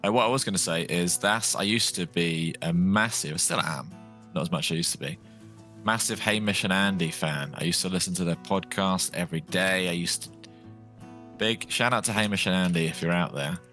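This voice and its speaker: A man's voice: deep voice, a little fast, pushed and bright, faint music behind. A man chatting casually while streaming a survival game, rambling and lightly joking. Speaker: gaming streamer. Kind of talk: casual live gameplay chat.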